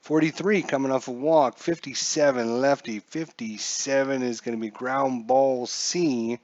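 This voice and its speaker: A man narrating a solo dice baseball game at an unhurried pace, chatty and joking to himself as he reads his charts. The sound is dull and muffled, with a dry, close feel. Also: medium pitch, fairly even intonation, darkish tone, no echo. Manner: chatty, jokey, talks to himself while checking charts.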